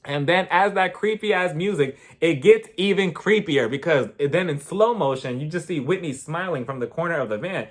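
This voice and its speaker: A man recapping a TV episode in a casual vlog, animated and acting out scenes. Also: fairly high pitch, normal speed, hardly any pauses. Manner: animated storytelling, acting out others, frequent laughter. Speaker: TV episode reviewer.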